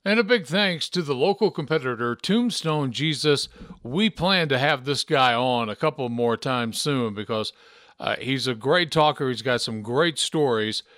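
A man's voice: medium pitch, expressive, moderate pace, a bit bright, no echo, clean studio sound. A man from Memphis co-hosting a podcast in casual chat, a chatty storyteller who laughs easily. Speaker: podcast co-host.

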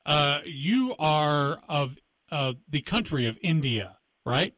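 A male podcast host with a slightly high voice, in a dry close sound. He asks questions in a casual, joking way and teases his guest. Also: lively intonation, slow, a bit bright, no echo. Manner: teasing, joking. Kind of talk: casual interview.

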